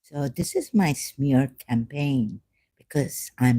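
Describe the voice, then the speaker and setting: Rambling vlogger, slow, halting, sarcastic, very dark mellow tone, dry close sound. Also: mid-range voice, expressive, no room sound. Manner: sarcastic, halting, with frequent fillers; self-mocking, laughs often. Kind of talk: rambling monologue.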